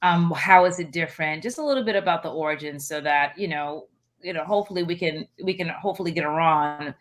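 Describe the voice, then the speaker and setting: A woman's voice: deep voice, quick pace. A woman co-hosting a talk show, asking questions hesitantly with many fillers. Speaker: co-host. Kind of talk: casual chat.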